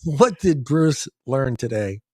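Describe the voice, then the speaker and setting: A man's voice: medium pitch, animated, takes it slowly, slightly rough, no echo, clean studio sound. A man hosting a casual panel chat over a video call, loose and joking and laughing often. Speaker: show host.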